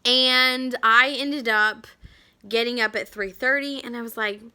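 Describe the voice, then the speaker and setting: Bright-voiced chatty woman vlogger. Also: fairly high pitch, a little slow, smooth. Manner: chatty, animated, lots of "like" fillers. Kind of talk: casual storytelling to camera.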